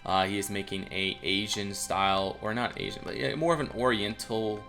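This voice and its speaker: A man's voice: on the low side, steady tone, moderate pace, vocal fry, pushed and bright, faint music behind. A young man casually commenting on a video game build, rambling with many fillers and restarts. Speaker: build reviewer.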